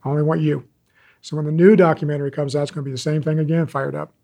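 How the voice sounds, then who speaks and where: Man, sixties, animal rescuer guest, rapid, high-pitched, animated storyteller. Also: creaky. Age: 60s. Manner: animated, folksy storyteller, acts out quoted callers. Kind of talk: interview talk, storytelling.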